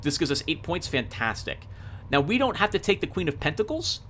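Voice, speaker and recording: Excitable man narrating a game playthrough. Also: fairly high pitch, a little fast, slight background noise. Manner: excitable, exclaims often, explains rules aloud. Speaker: let's play host. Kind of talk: casual game commentary.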